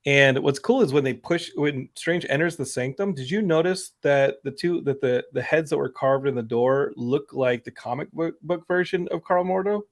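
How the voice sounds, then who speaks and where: A man co-hosting a casual podcast, telling stories in an animated way and swearing freely. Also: a little high, moderate pace, hardly any pauses. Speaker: podcast co-host.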